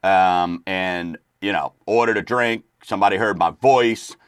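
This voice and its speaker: A man's voice: deep voice, measured pace, clean tone, dry recording. A middle-aged man hosting a radio talk show in a loose, rambling way, full of fillers. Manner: rambling, laid-back, lots of fillers. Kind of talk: casual chat.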